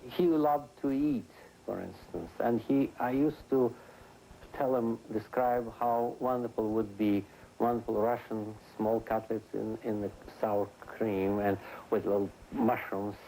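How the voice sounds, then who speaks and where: A man's voice: lowish voice, steady tone, measured pace, vocal fry, dark tone, rough recording. Guy telling a story in an interview, rambly, lots of uh and you know, faint noise. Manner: rambling, full of fillers and restarts. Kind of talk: interview anecdote.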